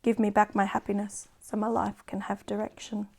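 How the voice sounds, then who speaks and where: Woman poet, own book, reads low-key with little pitch movement; subdued, measured. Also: completely flat delivery, creaky, darkish tone, slight background noise. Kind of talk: poetry reading.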